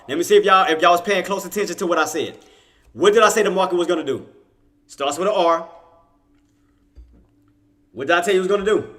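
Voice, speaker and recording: Hosting a live trading stream, a man chats casually with viewers and brags that his market call came true. He talks fast in a high voice, pauses often, laughs a lot, and stays animated while addressing chat.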